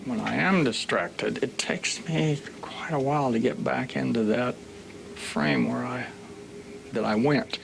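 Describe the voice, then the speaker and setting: A man's voice: medium pitch, unhurried, vocal fry. An older man in an interview, speaking in a thoughtful and hesitant way. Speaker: economist, interviewee. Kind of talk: interview talk. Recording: noisy interview audio.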